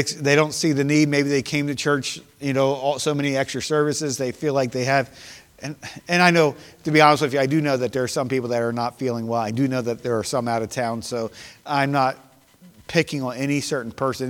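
Earnest preacher in a reverberant hall. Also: male voice, medium pitch. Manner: earnest, confessional, rising emphatic when reading scripture. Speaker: pastor. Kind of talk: sermon.

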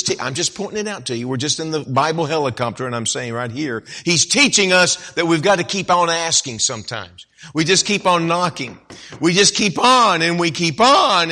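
A man's voice: a little high, bright, forceful tone. A man preaching a sermon, telling a story animatedly and acting out its characters with big swings in voice. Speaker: pastor.

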